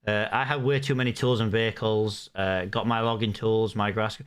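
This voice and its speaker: A man's voice: fairly low pitch, fairly even intonation, moderate pace, smooth. A young British man chatting to his live chat and thinking aloud as he plays a game on stream. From United Kingdom. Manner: chatty, thinks aloud while playing, reads chat comments. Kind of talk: live gaming stream commentary.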